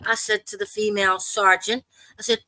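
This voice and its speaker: Bright-voiced woman telling a tense story. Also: medium pitch, flat delivery, dry recording, low-quality recording. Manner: urgent, halting storytelling with restarts and swearing. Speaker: panel caller. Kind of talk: casual live panel discussion.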